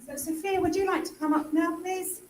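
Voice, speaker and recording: A woman's voice: extremely high pitch, steady tone, brisk, a little hiss or hum. A woman teacher speaking to students and staff at a school event, thanking them and announcing the next speakers. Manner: warm thanks, repeats words, switches briefly to Italian. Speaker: English teacher hosting a school speech event. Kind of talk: speaking to an audience in a school hall. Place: school assembly hall. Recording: echoey hall, from some distance.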